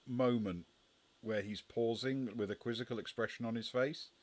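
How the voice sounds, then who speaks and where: A man's voice: mid-range voice, steady tone, normal speed. A man acting as game master, narrating a tabletop game in a hesitant way with many restarts.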